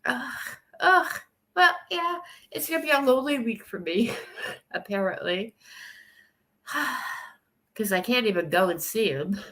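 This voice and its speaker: A woman's voice: a little high, expressive, measured pace, long pauses, a bit bright. A woman streaming live, crying and rambling with nervous laughs as she talks to her chat. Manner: tearful, rambling, laughing through tears. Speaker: livestreamer. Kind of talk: casual livestream chat.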